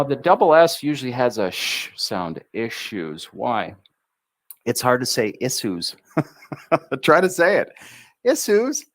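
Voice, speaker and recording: An American man teaching English pronunciation on a livestream, drawing out syllables slowly and thinking aloud as he writes. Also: medium pitch, no echo. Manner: slow, drawn-out enunciation of syllables; chatty, thinks aloud while writing. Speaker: English tutor.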